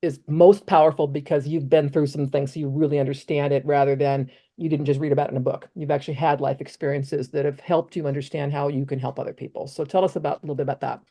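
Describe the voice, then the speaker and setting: A woman's voice: sits low, steady tone, fast talker, hardly any pauses, mellow. A woman hosting an interview, asking questions in an encouraging, conversational way. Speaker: podcast host.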